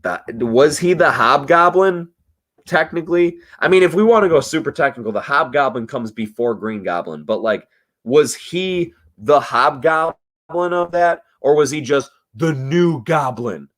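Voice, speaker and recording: A man hosting a casual after-show livestream, slightly tipsy, swearing freely and answering chat comments with sudden excited jumps. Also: a little slow. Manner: loose, swearing, swings between low mutters and excited outbursts. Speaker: livestream host reading chat.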